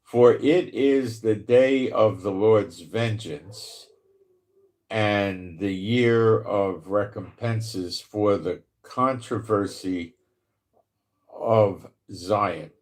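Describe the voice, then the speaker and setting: Low slow new york guy doing bible prophecy talk, rambly, chuckles a lot, reads verses real deliberate. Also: darkish tone. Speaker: Bible prophecy channel host. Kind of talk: casual commentary with scripture reading. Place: home in Israel.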